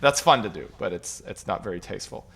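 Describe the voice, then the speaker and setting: A man's voice: on the low side, animated, fast talker, vocal fry, husky. A man teaching piano in a casual question-and-answer lesson, counting patterns aloud while he demonstrates at the keyboard. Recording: loud piano playing behind voice. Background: piano playing.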